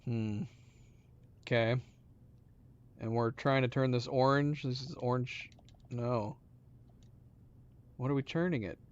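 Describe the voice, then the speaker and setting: A man playing a puzzle game and commenting as he goes, mumbling to himself and then breaking into loud surprised outbursts. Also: medium pitch, clear, resonant tone. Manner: excitable, quick swings between mumbling and loud exclaims. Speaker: gaming channel host. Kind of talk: let's play commentary. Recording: dull lo-fi sound.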